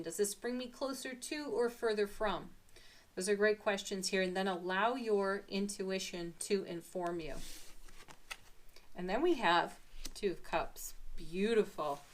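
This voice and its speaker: A woman giving an upbeat daily tarot card reading, giggly and happy, speaking affirmations softly with drawn-out pauses. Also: medium pitch. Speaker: tarot reader.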